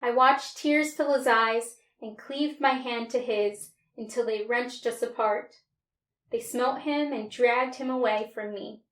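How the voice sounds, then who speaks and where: A woman reads a storybook aloud with expressive, dramatic narration. Her voice sits somewhat high. The sound is roomy, with the mic set well back from her. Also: unhurried, recorded from a distance. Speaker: storybook reader.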